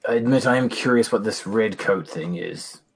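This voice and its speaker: Very deep-voiced woman, blunt and dry. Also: moderate pace, slight background noise. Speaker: player. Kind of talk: playing a character in a tabletop game.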